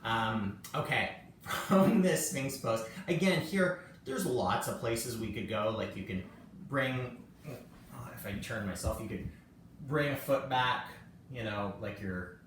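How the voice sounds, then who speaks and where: A man guides a relaxed yoga session in a very echoey room, heard from a camera mic set well back. His talk is loose and chatty, full of little self-deprecating jokes, with a faint hiss under it. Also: medium pitch, slow, distant mic. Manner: chatty and self-joking, laughs often. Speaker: yoga teacher. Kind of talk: casual live-streamed yoga class.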